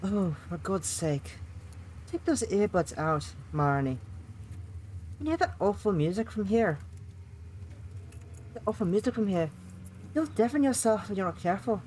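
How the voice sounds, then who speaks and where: A woman's voice: medium pitch, very animated, measured pace, pauses often, a little mellow, slight background noise. A woman voicing a strict, nagging middle-aged mother who scolds her teenage daughter. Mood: exasperated. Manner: exasperated, scolding.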